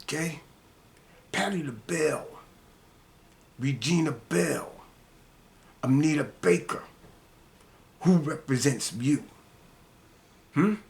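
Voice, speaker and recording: Slow, scolding older man ranting. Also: lively intonation, vocal fry, a little mellow. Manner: slow, heated, repetitive, scolding; drops to low mutters between outbursts. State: angry. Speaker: commentator ranting to camera. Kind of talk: angry monologue rant.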